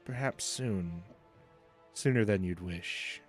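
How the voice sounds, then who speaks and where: An aloof female magical being, bored and haughty, delivers her lines in a cool, measured way with a faint threat under them, as a man puts her on. The voice sits lower and quieter than the rest of the talk, with game music playing faintly behind. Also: no room sound. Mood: cool menace.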